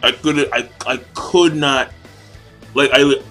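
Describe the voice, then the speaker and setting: A young man gushing about a comic chapter in a casual video review, excitable and full of swearing and slang. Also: medium pitch, slow pace, soft background music, poor audio. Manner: hyped, profane, slangy fanboy gushing.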